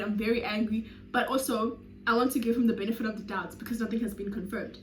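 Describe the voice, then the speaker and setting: A South African woman in her twenties telling a storytime vlog with animated, dramatic delivery and sudden loud bursts. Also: on the high side, fast talker, slight background noise. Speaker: YouTuber. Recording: roomy echo.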